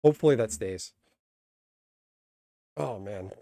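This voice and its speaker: A man's voice: on the low side, a little slow, long pauses, dark tone, dry recording, clean studio sound. A male streamer in casual live-stream chat, blunt and grumbling, swearing freely.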